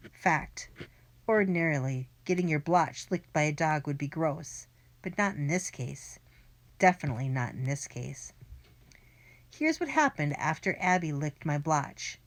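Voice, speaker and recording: Low-voiced woman reading a children's book. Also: expressive, a little slow. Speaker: audiobook narrator. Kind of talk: first-person children's book narration.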